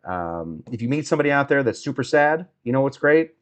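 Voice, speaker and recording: A man's voice: medium pitch, big pitch swings, fairly quick. Rambling man musing in a hotel room. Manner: rambling and reflective, with many fillers and laughs. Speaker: host of a cocktail show. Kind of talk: casual live-stream monologue.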